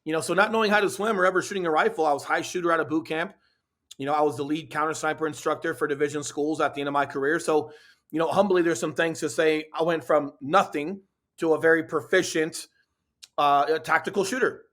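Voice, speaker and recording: Guest man, earnest storyteller, fairly high voice, leans on "you know" and "right?". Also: fairly even intonation, fast talker, a bit bright. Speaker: podcast guest, real estate team leader. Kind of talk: casual interview storytelling.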